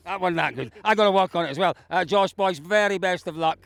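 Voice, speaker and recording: A man's voice: high-pitched, fast talker, gravelly, few pauses, fairly bright tone. A man hosting roving interviews outdoors, jovial, effusive and teasing. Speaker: host, interviewer. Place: outdoors at a rainy rally stage.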